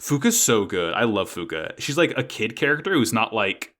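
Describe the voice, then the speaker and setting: Lively, bright-voiced man co-hosting. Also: lowish voice. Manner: halting, repeats words, animated. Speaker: podcast co-host. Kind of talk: casual anime discussion podcast.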